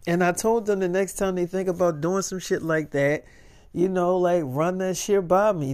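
A man's voice: sits high, darkish tone, natural voice. A man voicing a young woman celebrity who is his clingy, insistent lover, talking in a profane, pleading, defensive way.

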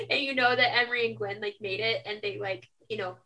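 A woman's voice: a little high, fast, hardly any pauses, pushed and bright. A young woman co-hosting a book podcast in casual chat, retelling scenes emphatically. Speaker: podcast co-host.

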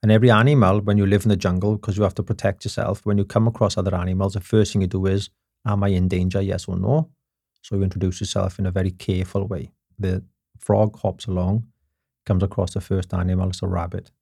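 A man's voice: deep voice, little pitch movement, quick pace, darkish tone, no echo, studio quality. A Welsh man hosting a podcast, telling stories with passion and self-mocking humor. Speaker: podcast host. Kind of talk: casual chat.

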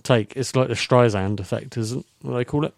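A man chats on a podcast, often ending with tag questions. His voice is mid-pitched and recorded close and dry. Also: normal speed, vocal fry, no echo. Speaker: podcast co-host. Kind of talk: casual chat.

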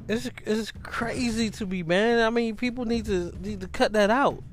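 A man hosting a podcast, talking in a casual, animated, rambling monologue with many restarts. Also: high voice, normal speed, soft background music. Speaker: podcast host.

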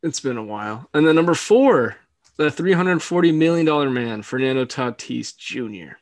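A man's voice: medium pitch, animated, normal speed, no room sound. A young man co-hosting a casual sports podcast, laughing often and filling gaps with hedges. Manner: laughs often, hedging fillers. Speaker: podcast co-host.

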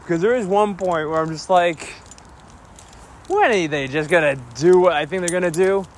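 Excitable high-voiced man rambling through a recap. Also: normal speed, a little hiss or hum. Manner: rambling, excitable fan, many fillers. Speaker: video creator recapping a film. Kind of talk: casual movie recap and reaction.

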